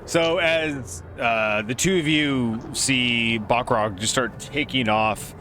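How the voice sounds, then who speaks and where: Running a tabletop role-playing session as game master, a man narrates in a loose, chatty way packed with filler words. His voice stays at an ordinary mid pitch, his pace is slow, and music plays in the background.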